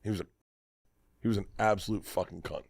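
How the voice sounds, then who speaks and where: A middle-aged man telling a long, profane story in casual podcast banter, loud and animated. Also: lowish voice, quick pace, no echo, clean studio sound. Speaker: podcast co-host. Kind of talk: casual storytelling among comedians.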